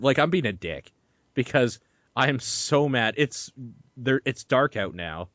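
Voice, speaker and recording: A young man hosting a podcast, telling a story in an animated, swearing, laughing way. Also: mid-range voice, a little slow, no room sound. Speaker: podcast host. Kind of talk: casual chat.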